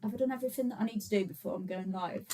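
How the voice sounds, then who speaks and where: Very fast and dark-toned, this woman's mid-range voice comes with slight background noise. She's a chatty Birmingham livestream host and vegan activist, talking informally to viewers with lots of fillers while setting up.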